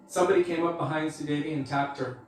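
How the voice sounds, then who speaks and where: A man's voice: a little high, fast talker, slight background noise. A male preacher telling a personal story in a casual, conversational way, full of fillers. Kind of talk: storytelling talk. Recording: echoey hall, mic far off.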